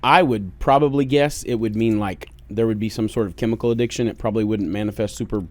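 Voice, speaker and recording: A man's voice: on the low side, steady tone, fast talker. A man with an Oklahoma accent co-hosting a casual podcast, blunt and joking, swearing freely at a studio microphone. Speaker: podcast co-host.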